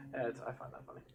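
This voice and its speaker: A man streaming a horror game, joking and self-deprecating while reading the game text aloud. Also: noisy background.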